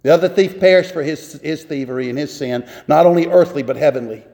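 A young man in his twenties or thirties preaches a sermon as a pastor in a church sanctuary, his fairly high, mellow voice moving at a quick pace. He's impassioned and voices biblical figures in quotes, and the recording carries the echo of the church hall.

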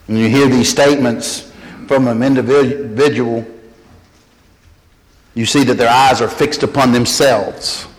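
A male pastor delivering a sermon, earnest, sinking low and quiet to press a point and climbing high when quoting. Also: fairly even intonation, unhurried, pauses often. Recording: long hall reverb.

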